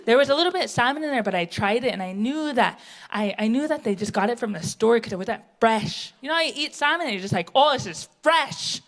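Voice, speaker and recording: A brash, grumpy, chain-smoking auntie, played by a woman on stage with a high voice, rambling through her grievances and chuckling at herself. It is a live comedy monologue in front of a theatre audience. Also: expressive. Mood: rambling indignant. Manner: rambling, indignant, quick to laugh at herself.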